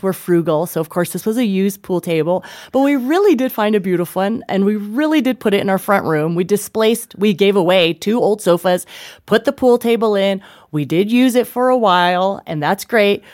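A woman's voice: mid-range voice, fairly quick, no echo, clean studio sound. A middle-aged woman, a guest author in an interview, telling stories animatedly and acting out the dialogue. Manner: animated storyteller, acts out dialogue, laughs often. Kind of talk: interview chat.

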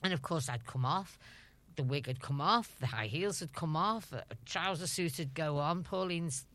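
A woman's voice: low voice, normal speed, fairly bright tone. A middle-aged woman from Liverpool with a Scouse accent, chatting as an interview guest, laughing often and acting out the dialogue of her anecdotes. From Liverpool, England. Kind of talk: storytelling interview.

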